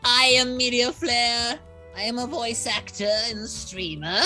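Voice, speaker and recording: A woman's voice: on the high side, a little slow, sharp tone, soft background music. A woman voice actor and streamer introducing herself in an upbeat, polished way. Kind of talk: self-introduction on a live stream.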